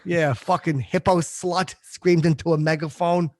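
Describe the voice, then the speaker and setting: A man's voice: fairly high pitch, a little slow, natural voice. A man doing a crude, brash comic host. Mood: crude, deadpan. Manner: crude, deadpan, over-the-top. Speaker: podcast host. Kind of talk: comedic character podcast.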